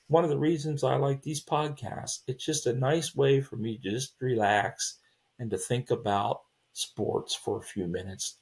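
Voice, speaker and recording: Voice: mid-range voice, darkish tone. A podcast host in a casual sports chat, rambling with many restarts, opinionated and exasperated. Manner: rambling, with frequent restarts and fillers.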